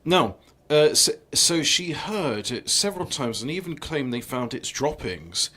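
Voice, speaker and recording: A man cohosting a relaxed podcast chat, forever slipping in puns and playful asides. His voice is a touch high for a man and swings all over the place as he talks. He reads out odd accounts between the jokes. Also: unhurried. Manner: jokey, punning, breaks in with asides. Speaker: podcast co-host. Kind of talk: casual chat, reading an account.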